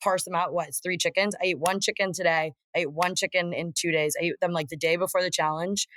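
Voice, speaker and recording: A woman guest on a podcast, chatting casually with quick, emphatic talk and frequent laughs. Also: lowish voice, steady tone, fairly bright tone, a little hiss or hum. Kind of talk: casual chat.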